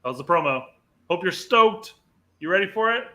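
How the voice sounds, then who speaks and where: A man co-hosting a loose, casual soccer podcast chat. His voice sits a bit high and sounds bright and forceful. He rambles, stumbles through restarts and laughs easily. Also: animated, fairly quick, slight background noise. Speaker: podcast co-host.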